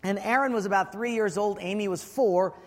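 A man preaching a sermon as pastor, telling stories with lively acted-out voices and comic shouting. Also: sits high, a little fast. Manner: animated storyteller, acts out voices and shouts for comic effect. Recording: long reverb of a large hall.

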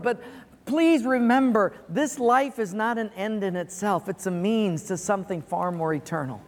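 A man's voice: sits high, normal speed, big-room sound. A man preaching a sermon to a congregation in an auditorium, telling an earnest story and then drawing a lesson from it. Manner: earnest, storytelling, chuckles at his own punchline. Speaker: pastor. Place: large auditorium.

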